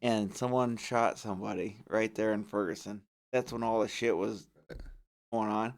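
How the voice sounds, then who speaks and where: A man's voice: fairly low pitch, steady tone, normal speed, vocal fry. A male podcast guest chatting casually, starting over as he recalls events. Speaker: podcast guest, pile driver. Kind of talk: casual chat.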